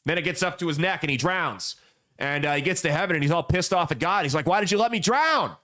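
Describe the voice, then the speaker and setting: A man's voice: on the high side, fast talker, pushed and bright. A young adult man hosting casual political commentary, telling folksy parables with blunt emphasis. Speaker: podcast host.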